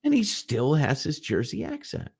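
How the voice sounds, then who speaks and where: A middle-aged man co-hosting a casual livestream chat, telling rambling, animated stories. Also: a little high, moderate pace, creaky, husky. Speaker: livestream co-host.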